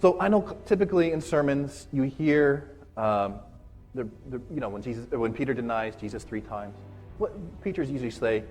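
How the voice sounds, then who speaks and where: A man's voice: mid-range voice, lively intonation, moderate pace, darkish tone, soft background music. A man preaching a casual, conversational sermon, retelling a story and often checking in with "right?". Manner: casual, chatty, keeps asking "right?".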